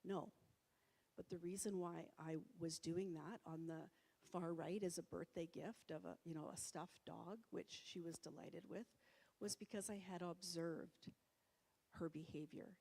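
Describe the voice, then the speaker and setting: A woman's voice: fairly low pitch, steady tone, a little slow, vocal fry, dark tone. A middle-aged woman giving a conversational public talk in a church hall, with many fillers and restarts. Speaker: presenter. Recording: reverberant hall.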